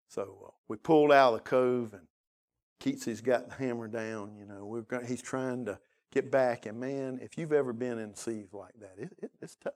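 A man's voice: mid-range voice, normal speed, darkish tone. Guy preaching in church, tells a story with feeling, then fires off questions at the pews. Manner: emotional storytelling, rising to urgent questions. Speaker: pastor. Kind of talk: sermon with personal story. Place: church sanctuary.

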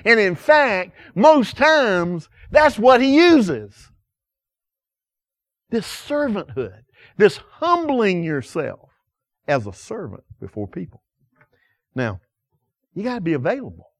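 A man preaching a sermon with passion, asking the listeners many direct questions and swinging from loud emphasis to quiet asides. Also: high-pitched, very animated, unhurried, dry recording, studio quality. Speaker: pastor.

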